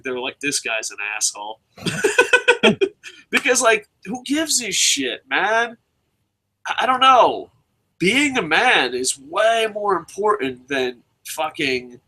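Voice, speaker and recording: A man's voice: high voice, sharp tone. A man co-hosting a wrestling news show, ranting bluntly and profanely in casual chat.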